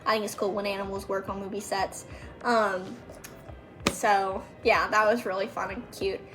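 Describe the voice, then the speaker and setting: A woman's voice: medium pitch, little pitch movement, normal speed, over music. A young woman telling stories about working as a background extra, casual and chatty, full of fillers and quoted voices. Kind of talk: casual storytelling.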